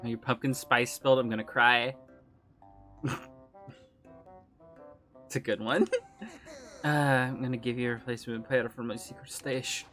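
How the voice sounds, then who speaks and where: A woman's voice: very deep voice, steady tone, moderate pace, long pauses, fairly bright tone, soft background music. A woman streaming a game, chatting casually with her chat, laughing often and swearing freely. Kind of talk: casual game livestream commentary, reading chat.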